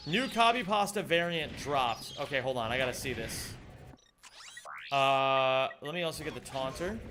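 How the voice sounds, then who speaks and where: A man's voice: mid-range voice, animated, moderate pace, sharp tone. A man live-streaming a game, chatting with his viewers, reading their messages aloud and snapping back in mock indignation. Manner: banters with chat, reads messages aloud, mock-indignant outbursts. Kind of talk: live-stream chat while gaming. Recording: music playing behind the voice.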